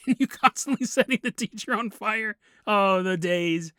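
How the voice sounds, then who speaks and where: A man's voice: sits high, expressive, a little slow, few pauses, pushed and bright, smooth, no echo, studio quality. A man hosting a podcast, telling a comedic story and laughing through his lines. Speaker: podcast host.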